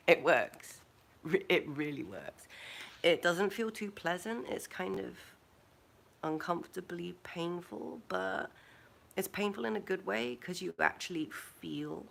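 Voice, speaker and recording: A woman hosting a live stream in a relaxed, casual way, recommending foods and telling stories. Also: fairly low pitch, slow, gravelly, long pauses.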